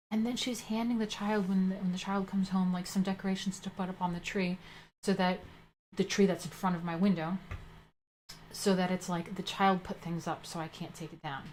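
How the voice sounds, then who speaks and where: A woman hosting a livestream, telling a story in an animated, indignant way and swearing freely, at home. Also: on the low side, a little hiss or hum. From Slavic background. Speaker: livestream host.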